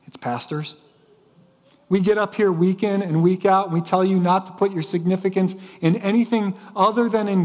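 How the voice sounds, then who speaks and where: A man's voice: high-pitched, darkish tone, in a large hall. A man preaching a sermon as pastor, telling stories with frequent restarts. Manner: storytelling preacher with repeated restarts. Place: church sanctuary.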